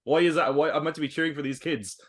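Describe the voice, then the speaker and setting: A man's voice: on the high side, fairly even intonation, fast talker. A man co-hosting a podcast, a schoolteacher, critically picking apart a film in casual chat. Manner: critical, picks apart the plot. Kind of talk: casual movie review chat.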